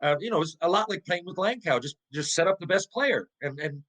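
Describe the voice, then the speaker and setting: A middle-aged man with a slightly high voice tells stories as a podcast guest. He talks in an animated, profane way, with many false starts and rhetorical questions. It has the loose rhythm of relaxed conversation. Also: brisk, rough recording. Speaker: podcast guest, former pro hockey player. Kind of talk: casual storytelling in conversation.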